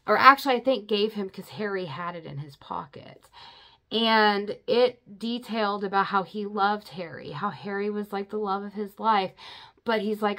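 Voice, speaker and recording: A woman's voice: mid-range voice, moderate pace, pushed and bright. A young adult woman recapping a novel for her viewers in a casual, chatty way, full of "you know" and "like" and openly emotional about the story. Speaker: book reviewer. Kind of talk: casual spoken book recap.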